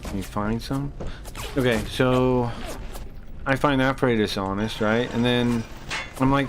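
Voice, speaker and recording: A man's voice: medium pitch, fairly even intonation, a little slow, pauses often, noisy background. A man streaming live, ranting heatedly and swearing as he rambles and restarts his sentences while playing a game.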